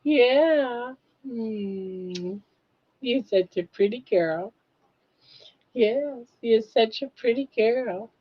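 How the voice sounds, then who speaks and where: Older woman host, slow relaxed pace, doting baby talk, dull lo-fi stream sound. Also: a little high, breathy edge. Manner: cooing baby talk to her dog, chatty. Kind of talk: casual live stream chat.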